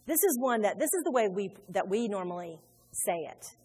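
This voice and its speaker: A woman pastor preaching a sermon in a large church, animated and conversational, acting out little quotes as she goes. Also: medium pitch, normal speed, slightly rough. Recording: reverberant hall with faint music.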